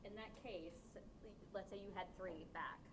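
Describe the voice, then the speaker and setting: A woman's voice: medium pitch, a little slow. A woman in a sales training session, asking questions in turn as she plays a home seller.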